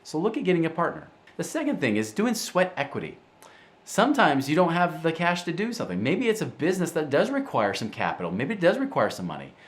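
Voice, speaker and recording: A man's voice: a little high, quick pace. A middle-aged man hosting a finance show, talking casually to camera and acting out the voices of people in his stories. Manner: animated storyteller, acts out quoted voices. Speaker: show host.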